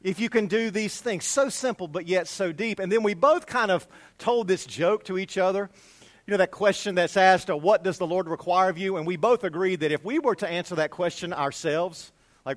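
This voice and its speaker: A male pastor preaching a conversational sermon, animated and chatty, dropping to hushed tones for scripture. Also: high voice, fairly quick.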